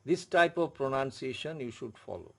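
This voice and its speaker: A man with an Indian English accent teaching a French lesson, explaining slowly and repeating words and spelled-out letters. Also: mid-range voice, expressive, vocal fry, a bit bright. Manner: slow, repetitive, spells out letters. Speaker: French tutor. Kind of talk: classroom explanation.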